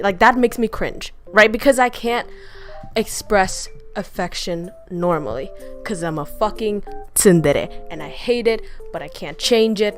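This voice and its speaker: A woman streamer answering viewer questions in a casual chat, frank and crude in her joking and quick to laugh. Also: medium pitch, soft background music. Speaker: VTuber streamer.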